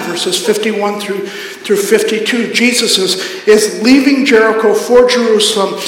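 A man preaching a sermon as pastor, earnest and emphatic, swinging from soft asides to ringing climaxes. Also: high-pitched. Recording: echoey hall, very reverberant.

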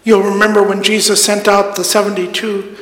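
A man's voice: sits high, flat delivery, a little fast, fairly bright tone. A man preaching a sermon as pastor, earnest and building to emphatic repeated lines, recorded in a church sanctuary. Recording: echoey hall with long reverb.

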